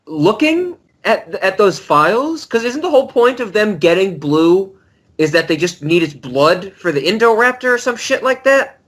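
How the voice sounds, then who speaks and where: A man's voice: high-pitched, sing-song, normal speed, a bit bright. A man co-hosting a film podcast, joking, swearing and laughing often. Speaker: podcast co-host. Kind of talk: casual film podcast chat.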